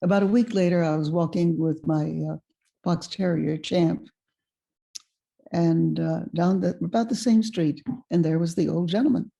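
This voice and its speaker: A woman giving a guest talk, telling a personal story in an expressive, unhurried way. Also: on the low side, gravelly. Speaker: guest speaker.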